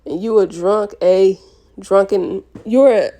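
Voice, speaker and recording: Woman reading as a furious young woman yelling. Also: medium pitch, takes it slowly, close to an everyday voice. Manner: yelling, cursing, heated. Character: furious young woman fighting her boyfriend.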